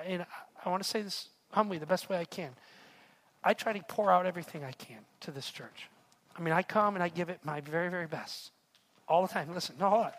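A man's voice: high-pitched, a bit bright. A middle-aged man preaching a sermon in a chatty storytelling way, repeating words and checking in with "right?". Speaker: pastor.

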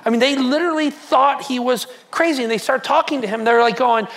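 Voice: sits high, brisk, few pauses, fairly bright tone. A pastor preaching a sermon in a conversational way, asking the congregation questions and repeating phrases for emphasis.

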